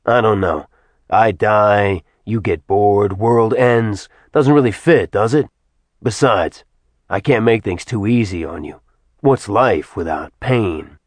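A man's voice: lowish voice, slow pace, no room sound. A male narrator voicing a defiant male warrior who talks in a flippant, sarcastic way.

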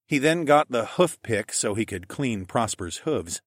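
A man narrating a first-person audiobook, with lively, playful character dialogue. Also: mid-range voice, measured pace, no echo, clean studio sound.

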